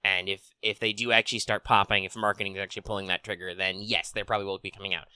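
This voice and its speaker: Male host, casual rambling news chat into a desk mic; low-ish, bright, dry close sound. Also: little pitch movement, racing, clear, resonant tone, no room sound. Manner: rambling, frequent ums and restarts, swears casually. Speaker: tabletop RPG news host. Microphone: desk mic on arm.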